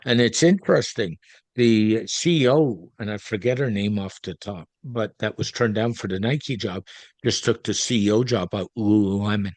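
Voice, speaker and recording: A man's voice: fairly low pitch, moderate pace, darkish tone, dry recording. A middle-aged man, hosting a casual interview and wandering into tangents. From Canada. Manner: chatty, goes off on tangents. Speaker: podcast host.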